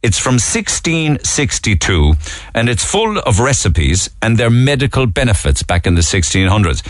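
A man's voice: medium pitch, big pitch swings, normal speed, dry recording, clean studio sound. A man with a Cork Irish accent hosting a morning radio show, chatting through the papers and making asides to listeners. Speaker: radio host.

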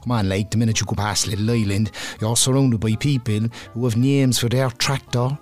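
A man's voice: mid-range voice, fairly even intonation, a little fast, a little mellow, faint music behind, lightly acted. An actor playing a brash, slangy working-class man with a Cork City accent in a comedy sketch. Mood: mocking.

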